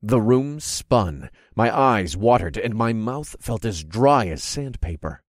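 A man narrating a fantasy audiobook in the first person, expressive and acting out his own reactions. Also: on the low side, takes it slowly, no room sound, studio quality. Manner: expressive, groaning and cursing in character.

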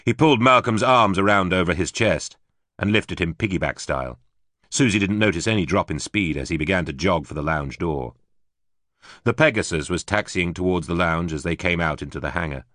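A man narrating an audiobook in a steady, even storytelling manner. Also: deep voice, brisk, no room sound, studio quality.

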